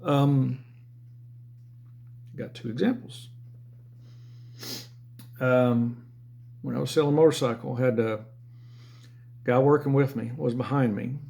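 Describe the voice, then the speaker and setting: Gravelly Southern American man, middle-aged, profane, rambling storyteller. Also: medium pitch, fairly even intonation, takes it slowly, long pauses, warm tone. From Southern United States. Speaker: former car and motorcycle salesman. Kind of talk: casual storytelling monologue.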